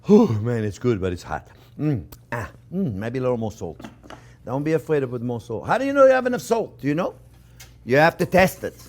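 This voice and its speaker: Brisk and sing-song, a medium-pitched man with a French accent leads a chatty kitchen cooking demonstration. He's a chef who repeats himself and speaks to viewers like friends.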